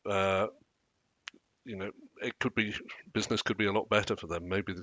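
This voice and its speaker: Low bright-voiced guy hosting a finance panel, muffled dry line. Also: steady tone, normal speed, no room sound. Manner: prompts guests by name. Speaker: host. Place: in the United States.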